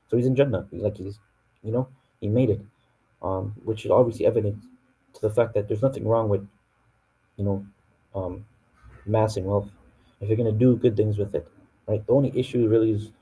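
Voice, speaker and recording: A man with a North American accent teaches verse by verse in a loose, easygoing classroom manner, pausing often to restart his sentences. His voice sits fairly low and sounds very dark and mellow, with a slightly husky edge. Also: rough recording. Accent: North American English. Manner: relaxed, full of fillers and restarts. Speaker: Quran teacher. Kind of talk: casual classroom explanation.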